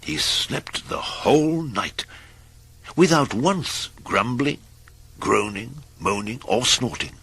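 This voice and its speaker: A man reading a cartoon story as its narrator, in an expressive storytelling manner. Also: mid-range voice, slow pace, vocal fry, slightly rough.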